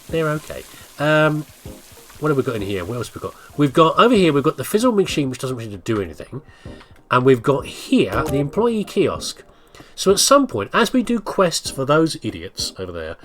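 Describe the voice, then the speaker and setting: A man's voice: on the high side, fairly bright tone. A man hosting a gameplay video, chatting casually and rambling through his commentary with frequent laughs. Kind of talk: casual let's-play commentary.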